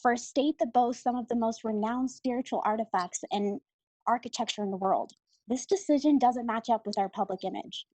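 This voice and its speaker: A woman with a fairly high voice delivers a prepared public comment, earnest and audibly emotional. The sound is dry and close, with no room around it. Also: a little fast, a little mellow, no room sound, low-quality recording.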